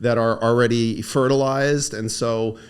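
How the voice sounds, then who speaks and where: A man's voice: medium pitch, measured pace, smooth. A young adult man, a lawyer, co-hosting a casual podcast conversation and telling stories from his practice with acted-out quotes. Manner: animated storyteller, acts out quoted speech. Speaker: co-host, lawyer.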